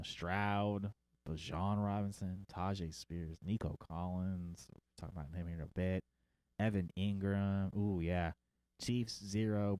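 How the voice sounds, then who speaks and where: A man with a smooth, resonant, fairly low voice hosts a sports show as a casual livestream. He rambles through lists with quick asides and pokes fun at himself. The sound is dry and close, with no room echo. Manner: jokey and self-mocking. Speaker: fantasy football show host.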